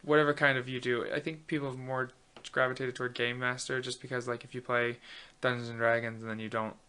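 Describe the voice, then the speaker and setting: A man's voice: medium pitch, quick pace, clean tone. A man in his twenties hosting a casual chat, rambling with lots of fillers and restarts and telling stories with animation. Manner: chatty, many fillers and restarts, animated storytelling. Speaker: host.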